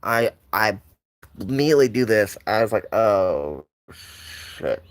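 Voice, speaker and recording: Speaking at a moderate pace in a voice on the low side, a young man tells a personal story. It's casual and rambling, packed with restarts and asides.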